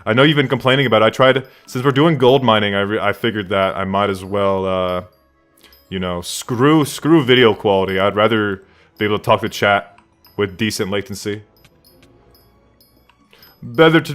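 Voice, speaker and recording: A man's voice: lowish voice, normal speed, a bit bright, faint music behind. A man streaming a game live from his room at home, rambling casually and answering chat questions aloud.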